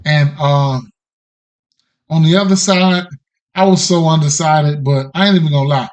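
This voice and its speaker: A man with a somewhat high voice and steady tone hosts a sports betting podcast at a normal speed. He walks through his picks in casual, slangy betting talk, repeating himself often and checking in with "right?".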